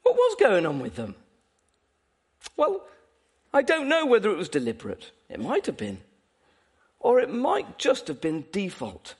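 A male preacher delivering a sermon. His voice sits high and swings widely in pitch. He is animated and playful and laughs often as he speaks. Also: unhurried, pauses often, slightly rough.

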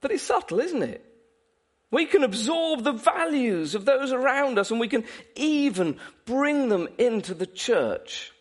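A man preaching a sermon in an animated, playful way, often laughing. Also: very high-pitched, measured pace.

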